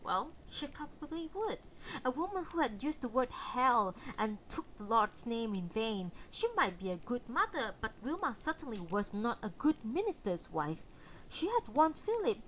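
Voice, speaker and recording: A woman reading a novel aloud for a live stream, in an expressive, storytelling way. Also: on the high side, slight background noise, poor audio.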